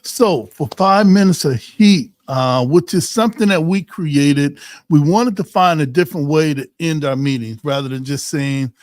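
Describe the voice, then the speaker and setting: Upbeat higher-voiced male podcast host. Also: dry recording, studio quality. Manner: affirming, quick interjections. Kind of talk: casual podcast chat.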